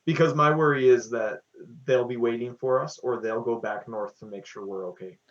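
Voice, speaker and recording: A man playing in a tabletop game, speaking in an easygoing, slightly hesitant way. His voice sits at a middle pitch and comes through a dull, lo-fi mic. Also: normal speed, echoey room, far from the mic. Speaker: player. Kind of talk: casual tabletop play.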